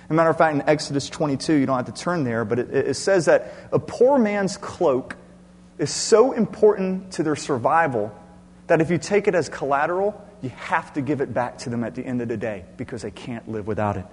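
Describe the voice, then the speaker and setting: A male pastor delivering an earnest, explanatory sermon that swings into loud passion. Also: a little high, animated, fairly quick, slightly rough. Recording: echoey hall with faint hum.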